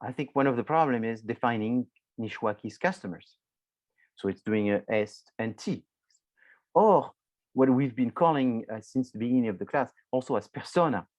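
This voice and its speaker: A man's voice: medium pitch, moderate pace, a little mellow, no room sound, poor audio. A man lecturing a university marketing class, explaining loosely with many restarts and filler words, addressing students directly.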